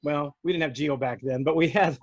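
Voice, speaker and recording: A man co-hosting a casual podcast, telling lively stories about his dispatcher days and acting out the quoted voices. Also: fairly high pitch, fairly quick, no echo, muffled recording. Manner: animated storyteller, acts out quotes. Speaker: podcast co-host, former dispatcher. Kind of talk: casual storytelling chat.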